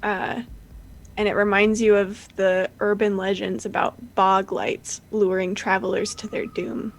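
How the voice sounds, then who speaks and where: A woman running a tabletop game as game master, narrating in a relaxed way with many fillers. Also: medium pitch, measured pace, low-quality recording.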